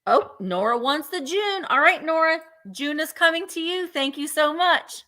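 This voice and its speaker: A woman's voice: sits high, animated, moderate pace, sharp tone. A woman hosting a live vintage sale, chatting playfully and counting down bids. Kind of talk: live auction selling chat.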